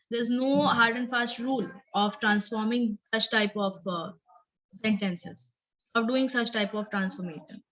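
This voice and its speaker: Bright-voiced woman teaching grammar. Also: a little high, poor audio. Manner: explanatory, repeats and rephrases, checks with "okay" and "right". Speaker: English teacher. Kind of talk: recorded grammar lesson.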